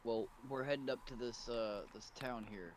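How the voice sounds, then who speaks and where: A laid-back man plays a tabletop role-playing game. He chuckles as he speaks at a middling pitch. Steady background noise runs clearly under his voice. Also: moderate pace. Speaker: player. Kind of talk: tabletop role-play, in character at times.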